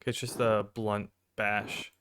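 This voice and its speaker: A man running a tabletop game as dungeon master, calmly calling out rolls and narrating. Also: on the low side, takes it slowly, noisy background.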